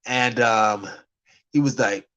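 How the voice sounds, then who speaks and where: A man talks straight to his camera in an average-pitched voice, spinning a personal story about dating. He rambles and stammers, restarts his sentences, and slips between lively bursts and quiet, mumbled asides. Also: slow pace, low-quality recording. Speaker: vlogger. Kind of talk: casual talk to camera.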